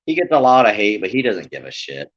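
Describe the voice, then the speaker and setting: A laid-back man joins a live-stream chat as a guest. His voice sits a bit low and he trades easygoing banter. The audio comes through muffled and lo-fi. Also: sing-song, fast.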